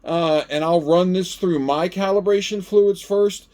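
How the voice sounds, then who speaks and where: A man's voice: high-pitched, measured pace. A middle-aged man hosting a gardening vlog, chatting casually and animatedly as he tests a gadget. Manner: chatty and animated, talks to himself while testing. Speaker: gardening channel host. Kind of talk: casual product-testing vlog.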